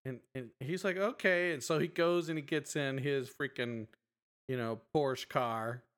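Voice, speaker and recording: A man co-hosting a podcast in casual chat, retelling stories with lively acted-out voices. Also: medium pitch, unhurried. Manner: animated storyteller acting out voices. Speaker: podcast co-host.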